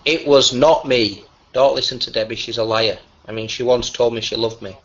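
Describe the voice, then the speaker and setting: Man, crude mocking banter, voice chat, medium pitch, dull muffled sound. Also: fairly even intonation, normal speed. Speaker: voice chat regular. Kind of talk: casual voice chat.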